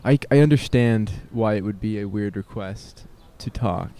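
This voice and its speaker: Alone in a city park, a young man rambles through a solo vlog, sounding hesitant and self-conscious, laughing nervously and leaning on lots of fillers. He speaks at a moderate pace in a lowish, dark voice.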